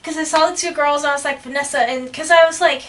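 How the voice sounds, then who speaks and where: A young woman co-hosting a casual reaction chat, excitable, swearing and laughing often. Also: high-pitched, fast. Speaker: reaction channel co-host. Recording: distant mic, faint music behind.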